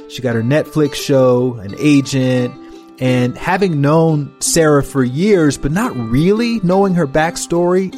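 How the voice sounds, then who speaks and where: A man's voice: mid-range voice, darkish tone. A man hosting a podcast who introduces his guest and then interviews her in a friendly, teasing way. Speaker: podcast host. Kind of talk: casual interview.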